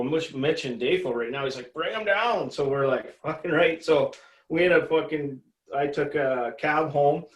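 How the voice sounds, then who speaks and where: A man's voice: on the high side, reverberant, low-quality recording. A man telling a story as an interview guest, casual and profane, rambling and laughing as he goes.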